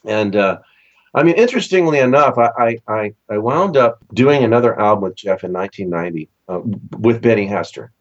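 Animated storytelling man, lo-fi sound. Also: brisk. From Southern California. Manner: animated storyteller, acts out quoted voices with big pitch jumps. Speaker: session musician guest. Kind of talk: casual storytelling interview.

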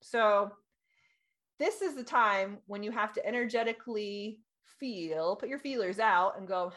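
A woman in her thirties chatting casually as a podcast co-host, animated and laughing, acting out quoted voices. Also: mid-range voice, unhurried. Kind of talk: casual chat.

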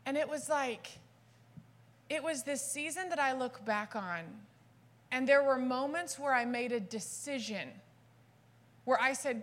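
A woman with a Southern US accent preaching a sermon at a conference, telling personal stories with animated humor. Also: sits high, a little slow. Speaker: conference speaker.

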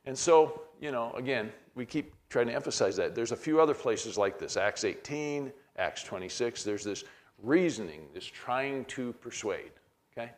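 A man's voice: mid-range voice, lively intonation, moderate pace. A man, middle-aged, teaching a Bible class in a conversational way, reading verses aloud with frequent restarts.

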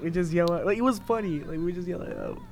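A man telling a story in a casual podcast chat, halting and rambling, with frequently repeated words. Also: high-pitched, lively intonation, vocal fry, a crowd in the background. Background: music playing in the background.

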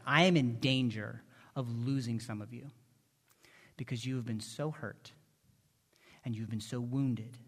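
Man preaching in a reverberant hall. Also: mid-range voice. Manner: impassioned, swings from soft pleading to loud emphasis. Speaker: pastor. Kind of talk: sermon. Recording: long reverb of a large hall.

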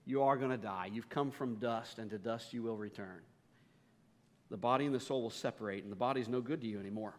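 A man's voice: medium pitch, fairly quick, big-room sound. A man, a pastor, preaching a sermon with humorous, self-deprecating stories.

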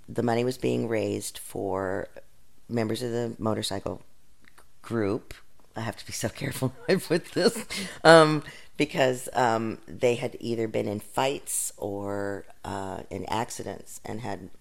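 A woman guest telling a lively anecdote in an interview, with laughing asides. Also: very deep voice, vocal fry. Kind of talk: anecdotal storytelling.

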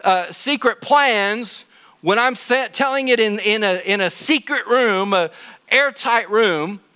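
A man's voice: sits high, slow pace, bright, forceful tone, clean tone, exaggerated voice. A man voicing an angry, scheming king who speaks indignantly. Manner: indignant, blustering.

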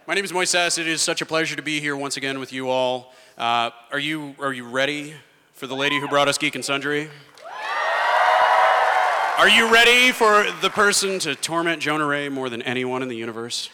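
A man's voice: a little high, expressive, normal speed, a loud crowd, very noisy. A man from Texas moderating a convention panel, upbeat and hype-building as he talks with the guest. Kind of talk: convention emcee and casual Q&A. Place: large convention theater.

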